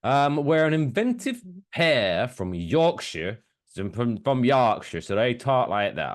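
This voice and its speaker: A man's voice: medium pitch, sing-song, takes it slowly. A man co-hosting a casual podcast, sarcastic and swearing freely, joking about the news. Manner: sarcastic, swearing, does silly voices. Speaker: podcast co-host.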